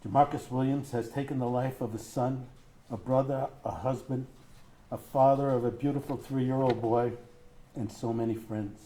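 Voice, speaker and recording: Middle-aged man, grieving father, tearful, halting, choked-up voice, mellow tone, courtroom statement. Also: medium pitch, steady tone, a little hiss or hum. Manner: grief-stricken, halting, voice breaking. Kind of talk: reading a prepared statement in court.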